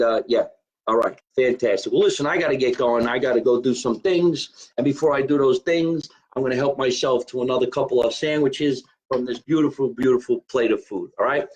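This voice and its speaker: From his home, a man hosts his own live stream, chatting casually and joking in a rambling way about being Italian. His voice is medium-pitched, husky and darkish in tone, and the recording sounds muffled.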